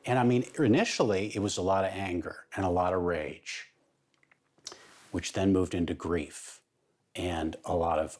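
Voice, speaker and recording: A man's voice: sits low, moderate pace, a little mellow. A man speaking as an interview guest, telling a personal story in an emphatic way that builds in intensity.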